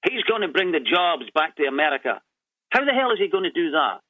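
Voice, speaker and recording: A man debates on air over a tinny, dry phone line, pushing back with skeptical questions. His pitch moves a lot, and his voice sits slightly high. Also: fast talker, no echo. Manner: lively, questioning, plays devil's advocate. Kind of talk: radio talk, debating.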